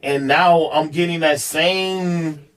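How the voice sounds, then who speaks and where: A man's voice: on the high side, steady tone, takes it slowly, fairly bright tone, far from the mic, poor audio. A man on a podcast, candidly telling a personal story in a rambling way, full of fillers and repeats. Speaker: podcast guest, police officer.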